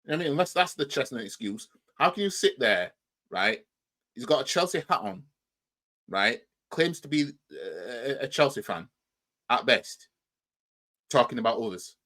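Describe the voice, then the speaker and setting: A man's voice: medium pitch, lively intonation, moderate pace, pauses often, sharp tone. A man with a Yorkshire accent, hosting a reaction channel and mockingly commenting on a clip, often asking "you know what I mean".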